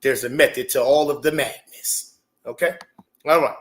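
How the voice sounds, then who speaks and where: A man hosting a casual livestream at a middle pitch. He talks in an excitable, chatty way, repeats his phrases and trips over restarts as he works through his points. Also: normal speed. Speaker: show host.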